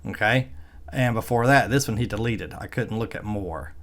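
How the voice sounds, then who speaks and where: A man's voice: fairly low pitch, moderate pace, fairly bright tone. A middle-aged man with a Southern Arkansas accent, giving casual, plainspoken vlog commentary in a folksy, chuckling manner. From Arkansas, USA. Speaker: EV vlogger.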